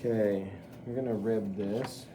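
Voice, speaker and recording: A man's voice: on the low side, steady tone, a little slow, noisy background. A middle-aged man teaching pottery at the wheel, chatty and talking students through each step. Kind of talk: live wheel-throwing demonstration.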